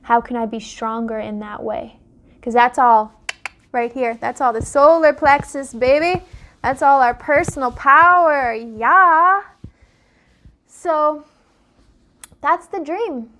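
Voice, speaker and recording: Fired-up high-voiced woman coach. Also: takes it slowly, a bit bright. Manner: impassioned, full of rhetorical questions. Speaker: life coach and dream interpreter. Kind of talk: direct-to-camera vlog monologue.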